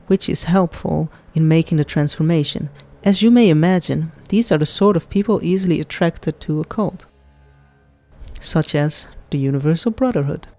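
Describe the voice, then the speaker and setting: A woman's voice: low voice, mellow. A woman voicing a flamboyant male elf who lectures in a playful, theatrical way.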